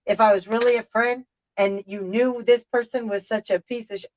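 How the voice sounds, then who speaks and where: A woman's voice: on the high side, steady tone, moderate pace, a little mellow, rough recording. A middle-aged woman hosting a live stream, telling a story in casual chat, with an emphatic, profane and rambling delivery.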